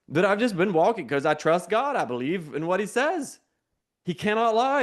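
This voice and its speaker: A man preaching a sermon in a lively, conversational way, leading the listeners in call-and-response and repeating key phrases. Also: high voice, normal speed.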